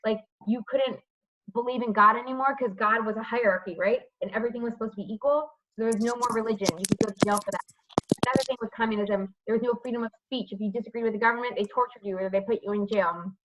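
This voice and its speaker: A woman's voice: on the high side, fairly even intonation, fast, fairly bright tone, poor audio. A woman teaching history over a video call, asking students questions by name and checking with "right?". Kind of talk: online class lecture with questions. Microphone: computer mic on a video call.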